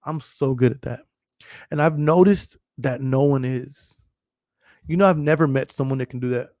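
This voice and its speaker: A podcast host in his thirties delivers a casual livestream monologue, emphatic, profane, and often laughing. His mid-range, slightly mellow voice moves at a moderate pace with no room sound.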